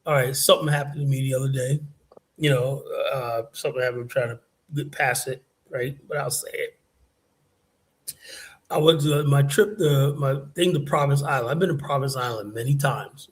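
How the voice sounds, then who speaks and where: A middle-aged man rambles through a story on a casual live stream. He swears often and keeps dropping "you know" between his phrases. His voice sits a little high for a man. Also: a little mellow, low-quality recording. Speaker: show regular telling a travel story.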